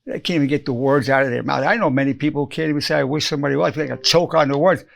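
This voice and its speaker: A psychologist in his eighties gives an earnest spoken self-help lesson, repeating lines for emphasis and acting out quoted phrases. His voice is fairly high, gravelly and rapid-fire.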